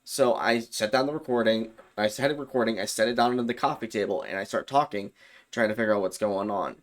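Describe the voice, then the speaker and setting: Low-voiced man telling a ghost story. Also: brisk. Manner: loose and rambling, with fillers and self-corrections. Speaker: YouTube storyteller. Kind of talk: casual spoken storytelling.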